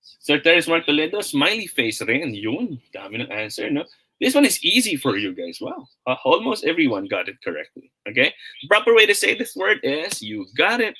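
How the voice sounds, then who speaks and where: A man's voice: on the high side, sing-song, normal speed, pushed and bright, husky, low-quality recording. A young man with a Filipino accent hosting a live online pronunciation lesson, upbeat and switching between English and Tagalog.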